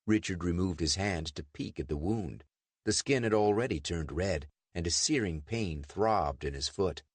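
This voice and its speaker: A man narrating a pulp adventure audiobook in lively storytelling. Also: low voice, normal speed, slightly rough, dry recording. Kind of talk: scripted narration.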